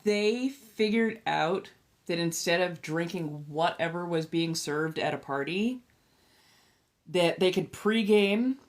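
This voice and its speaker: A woman in her thirties hosting a casual livestream, ranting with lots of swearing and laughter. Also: lowish voice. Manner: profane, animated ranting with frequent laughter. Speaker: livestream host and tarot reader.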